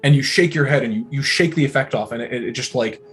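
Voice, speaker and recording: A man's voice: mid-range voice, quick pace. Casual man narrating as game master. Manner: casual, descriptive, many fillers. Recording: music behind the voice.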